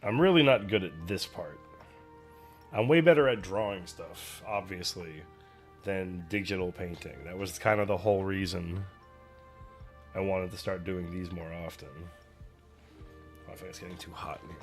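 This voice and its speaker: A man's voice: low-pitched, moderate pace, pauses often. A young adult man streaming from home, chatting casually while he paints, in a rambling, self-deprecating way. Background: faint music.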